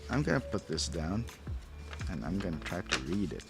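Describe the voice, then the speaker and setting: A man's voice: low voice, big pitch swings, moderate pace, vocal fry, over music. A man who is not a native English speaker, casually rambling and thinking aloud as he reviews a toy, chuckling at himself. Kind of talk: casual unboxing commentary.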